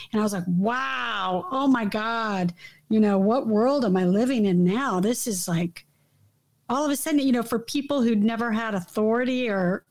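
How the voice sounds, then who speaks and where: A woman's voice: fairly high pitch, moderate pace, darkish tone. A woman talking in a casual, emphatic way, often trailing off and restarting her sentences. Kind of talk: casual conversation. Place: Los Angeles.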